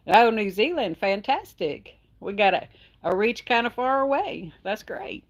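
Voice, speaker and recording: A woman's voice: mid-range voice, expressive, a little slow. A middle-aged woman, chatting casually on a livestream and reading viewer comments aloud with frequent laughs. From Texas. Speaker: livestream host. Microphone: phone.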